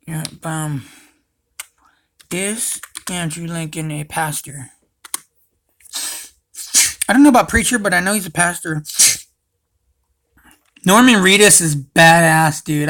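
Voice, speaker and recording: A man's voice: sits high, fairly bright tone. A young man hosting a casual livestream, rambling and swearing, calling everyone dude. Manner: rambling, profane, says dude a lot. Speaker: livestream host.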